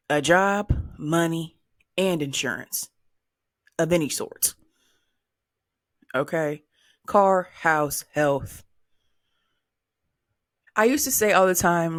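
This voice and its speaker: A woman in her twenties hosting a solo podcast, talking candidly and animatedly, with swearing and high-pitched mimicry of other people. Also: no echo, clean studio sound. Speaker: podcast host.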